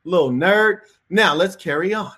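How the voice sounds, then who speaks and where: A man's voice: high-pitched, normal speed, sharp tone. A man giving reaction commentary in a preachy, moralizing way.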